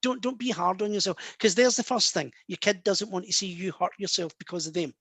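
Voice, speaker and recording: A man's voice: high voice, fairly quick, a bit bright, slightly rough, dry recording. A man with a Scottish accent, a medium answering audience questions in a friendly, reassuring way, calling listeners guys and love. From Scotland. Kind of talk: casual talk.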